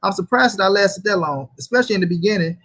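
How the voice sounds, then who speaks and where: A man's voice: sits high, quick pace, a bit bright. A man hosting a casual livestream, reading chat aloud and arguing in a heated, profane way. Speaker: host.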